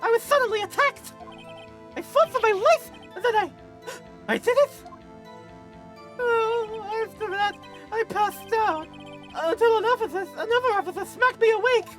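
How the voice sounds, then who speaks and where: A woman voicing an overeager young male police officer who shouts every line and tacks "sir" onto everything. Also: extremely high pitch, moderate pace, faint music behind, voice pushed up. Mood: eager shouting.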